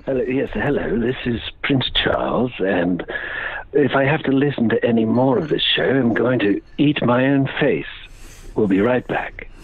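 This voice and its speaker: A man's voice: medium pitch, moderate pace, lightly acted. A man doing an impression of a pompous aristocratic older man, sounding exasperated. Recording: tinny phone-like sound.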